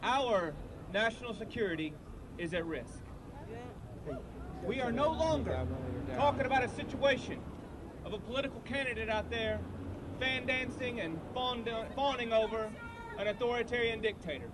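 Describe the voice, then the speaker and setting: A man leading a veterans group, giving an earnest, halting rally speech outdoors and repeating himself. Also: very high-pitched. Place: outdoor street protest. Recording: crowd noise outdoors. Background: crowd and street noise.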